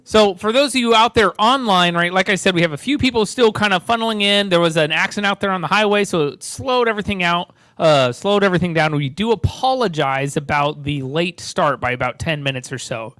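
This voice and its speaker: Man, high voice, bright, event emcee, upbeat, chatty, dry close sound. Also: a little fast, few pauses, no room sound. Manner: upbeat, exclamatory, loose and chatty. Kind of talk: live event hosting. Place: indoor event space with live audience.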